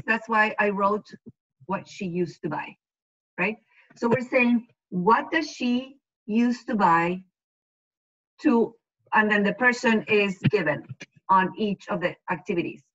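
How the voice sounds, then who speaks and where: Slow, patient woman teaching over a video call. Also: mid-range voice, fairly bright tone. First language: Spanish. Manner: patient, explains slowly and checks understanding often. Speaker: Spanish teacher. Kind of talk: online class instruction. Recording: dull lo-fi video call audio.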